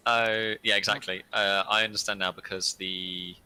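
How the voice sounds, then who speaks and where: Bright-toned, low-voiced man bantering. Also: level tone, moderate pace, smooth, low-quality recording. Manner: teasing, chuckling banter. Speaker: co-player. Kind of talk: casual gameplay chat.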